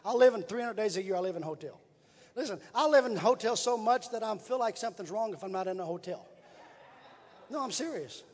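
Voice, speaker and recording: A man's voice: sits high, animated, quick pace. A man preaching, telling a folksy story with repetition and building emphasis. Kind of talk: sermon storytelling. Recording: long reverb in a large hall.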